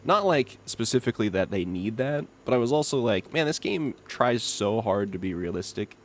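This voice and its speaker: A man's voice: medium pitch, lively intonation, normal speed. Laid-back young male streamer. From not from Kentucky. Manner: laid-back, laughs often, reacts to chat. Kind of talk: casual livestream chat while gaming.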